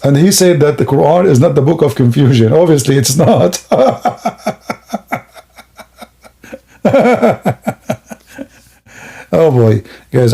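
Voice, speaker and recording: Gravelly, husky man mocking on a stream. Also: medium pitch, warm tone. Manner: sarcastic, rambling, laughs at own jokes. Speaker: livestream host. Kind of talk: mocking comedic commentary.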